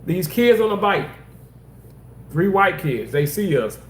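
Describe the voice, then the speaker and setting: A man casually telling personal stories in an animated, rambling way, repeating himself for emphasis. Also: high voice, unhurried, roomy sound. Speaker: former hospital surgical worker.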